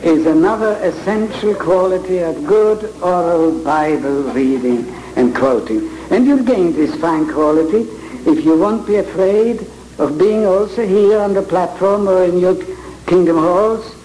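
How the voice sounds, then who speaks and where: A man with a head cold teaching Bible reading to a live audience, speaking with slow, theatrical emphasis. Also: sits high, dark tone, slight background noise. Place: large hall with audience. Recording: echoey hall with audience ambience.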